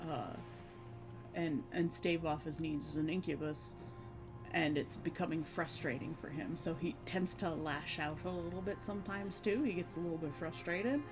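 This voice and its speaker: Woman, streamer, casual chat, rambling, lower voice, faint background music. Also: moderate pace. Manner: rambling, with frequent laughs and fillers.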